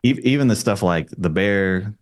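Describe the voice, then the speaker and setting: A man guesting on a film podcast, sharing his opinions in a relaxed, casual way. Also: on the low side, normal speed.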